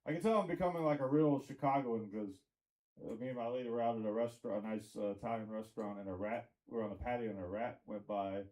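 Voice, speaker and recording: A man's voice: fairly low pitch, fast talker, a little mellow, poor audio. A man from Tennessee doing a rambling stand-up comedy set in a comedy club, with crowd work and lots of fillers.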